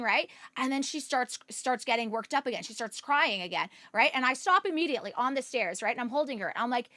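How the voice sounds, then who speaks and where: A woman's voice: a little high, fairly bright tone, no echo. A young adult woman hosting a livestream, chatting casually with her viewers, greeting them by name and telling a story with lots of fillers. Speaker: livestream host. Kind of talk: casual chat with live chat.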